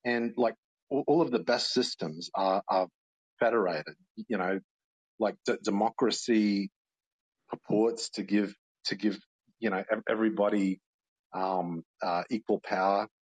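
A man's voice: lowish voice, breathy edge, dry recording, low-quality recording. A man calling in to a podcast, stammering and restarting his sentences often. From Australia. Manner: stammering, halting, many restarts. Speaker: caller. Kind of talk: casual call-in chat.

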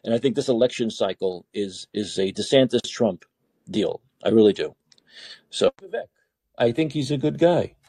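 Male commentary host, blunt and swearing, lively pitch, dry close sound. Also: normal speed, husky, no echo. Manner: blunt, profane, ranting with restarts. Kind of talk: opinionated political commentary.

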